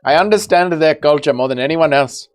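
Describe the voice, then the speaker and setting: A man's voice: on the high side, a little fast, close to an everyday voice. A man putting on a formal Indian-accented man. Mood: mock formal. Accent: Indian, put on. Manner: formal, repeats "sir".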